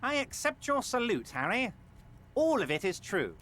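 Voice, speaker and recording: A jovial scheming union boss. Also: male voice, very animated, normal speed, a bit bright, a little hiss or hum, exaggerated voice. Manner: booming, self-assured, sweeping speechmaking. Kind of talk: video game voice acting. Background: game music.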